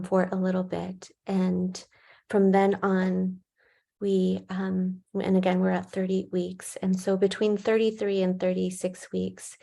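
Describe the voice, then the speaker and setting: A woman clinician calmly walking through a client case in measured, storytelling speech. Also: fairly low pitch, gravelly. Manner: calm, measured storytelling with soft fillers. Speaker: perinatal mental health clinician. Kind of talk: case presentation talk.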